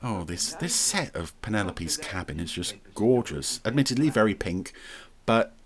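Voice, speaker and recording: A man's voice: fairly low pitch, big pitch swings, normal speed. A man hosting a podcast, giving chatty, wry watch-along commentary on an episode, with fond asides. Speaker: podcast host.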